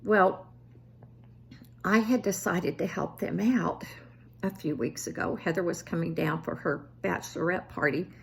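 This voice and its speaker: A woman's voice: lowish voice, unhurried, vocal fry, slight background noise. A woman in her seventies telling family stories in a casual, self-deprecating vlog. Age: 70s. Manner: self-deprecating, animated when quoting family. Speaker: vlogger.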